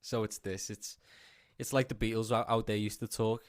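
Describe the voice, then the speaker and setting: A man's voice: lowish voice, flat delivery, moderate pace, no room sound, studio quality. A young man from Liverpool with a Scouse accent, a guest singer chatting easygoingly in a radio interview, rambling with fillers. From Liverpool, England.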